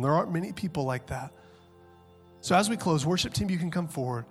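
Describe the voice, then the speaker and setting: A male pastor in his thirties delivers a heartfelt sermon. His voice sits a little high and swings from quiet, intimate moments to loud, urgent peaks. Faint music plays beneath him. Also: animated, a little fast. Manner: passionate preaching, swings from hushed to loud.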